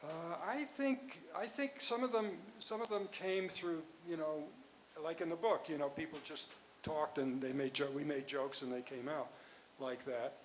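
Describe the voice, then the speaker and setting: An older man, a physician and author, answering audience questions at a conference in a rambling, halting way with many restarts. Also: fairly high pitch, fairly even intonation, a little hiss or hum, low-quality recording. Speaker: guest speaker, physician and author.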